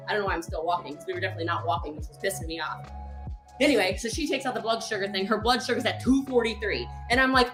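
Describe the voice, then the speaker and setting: A woman's voice: fairly high pitch, fast talker, bright, forceful tone, faint music behind. A woman animatedly telling a story as a team leader, full of "like" and "literally", sounding exasperated. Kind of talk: storytelling anecdote. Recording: echoey room.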